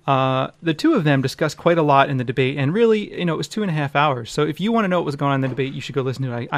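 Fast-talking joking male podcast host. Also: mid-range voice, no room sound. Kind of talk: casual podcast chat.

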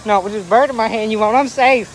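A man in his twenties, a vlogger chatting in a crude, playful way with loud outbursts, outdoors. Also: high voice, fairly quick, heavy background noise. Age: 20s. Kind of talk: casual joking chat.

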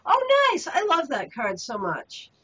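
A woman's voice: high-pitched, wildly swooping pitch, measured pace, a bit bright. A woman hosting a tarot talk show, chatting casually and affirming her guest with enthusiasm. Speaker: host. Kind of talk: casual chat about tarot. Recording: dull lo-fi audio.

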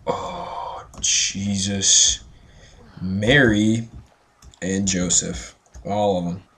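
A man's voice: deep voice, fairly bright tone, slight background noise. A drunk man giving casual gameplay commentary, rambling and swearing with joking asides. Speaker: let's play gamer.

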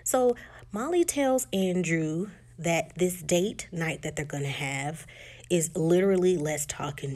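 Woman w a lowish voice doing a chill chatty tv recap, lots of "like" and "just", jumps into character lines. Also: darkish tone. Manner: chatty, filler-heavy retelling with lots of "like" and "just"; acts out characters' lines in quick shifts of pitch. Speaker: TV recap vlogger. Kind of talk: casual episode recap.

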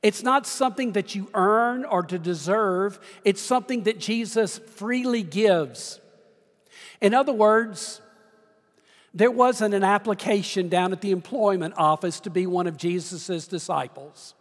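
Man, middle-aged, pastor preaching, storytelling with pauses, long hall reverb. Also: sits high. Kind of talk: sermon. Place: large church sanctuary.

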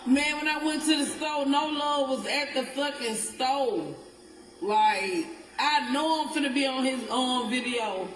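A woman's voice: sits high, a little slow. A middle-aged woman, telling a story in rambling, swearing casual talk, recorded echoey and far from the mic. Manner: rambling, swearing, laughs as she talks. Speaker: interviewee in a clip. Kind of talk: casual live video talk.

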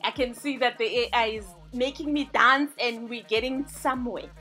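A woman's voice: on the high side, fairly even intonation, normal speed, sharp tone, soft background music. A woman hosting a design tutorial, narrating a screen-recording voice-over in an upbeat, chatty way as she walks through each step.

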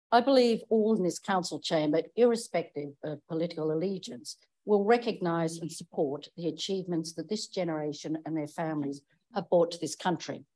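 A woman councillor giving a prepared, measured and earnest speech in a council chamber. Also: fairly low pitch, a little mellow, low-quality recording.

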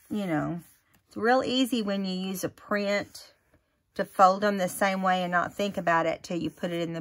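A woman's voice: medium pitch, a bit bright. A woman hosting a casual crafting tutorial, chatting and thinking aloud as she works.

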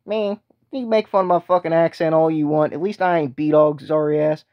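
A swaggering, foul-mouthed co-host with a thick put-on accent, as a man does the voice, sitting a little high in pitch. He talks crude and belligerent, like he's itching for a fight, and the sound is dull and lo-fi. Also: steady tone, a little fast, dry recording, close to an everyday voice. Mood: brash, crude.

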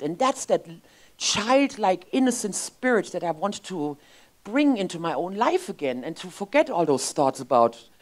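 A woman in her fifties giving an emotional, expressive inspirational sermon as a spiritual speaker in a church. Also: fairly low pitch. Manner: expressive, emotional, lively storytelling. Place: church sanctuary.

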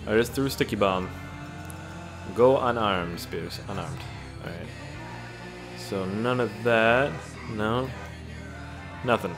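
A man's voice: lowish voice, slow, long pauses, a bit bright, soft background music. A young man hosting a gaming video with crude, joking, rambling commentary.

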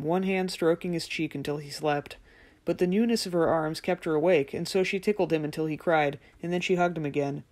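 A woman narrating a fairy tale audiobook in a measured, gentle storytelling manner. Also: deep voice. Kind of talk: scripted narration.

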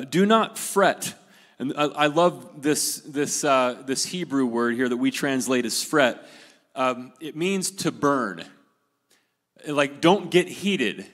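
Earnest male preacher in a reverberant hall. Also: mid-range voice. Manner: earnest preaching, repeats key phrases, drops voice softly at line ends. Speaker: pastor. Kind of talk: sermon.

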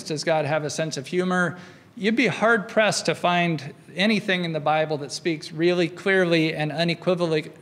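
A middle-aged man giving a university philosophy lecture in a conversational way, often checking in with the audience with "right?" between thoughts. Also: on the high side. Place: lecture hall. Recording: long reverb of a lecture hall.

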